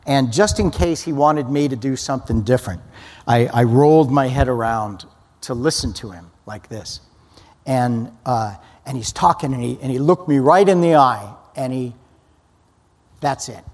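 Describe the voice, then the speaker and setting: A man's voice: medium pitch, normal speed, a little mellow. A man giving an earnest personal testimony as a guest speaker, often restarting his sentences. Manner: earnest storytelling, frequent restarts. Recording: long hall reverb.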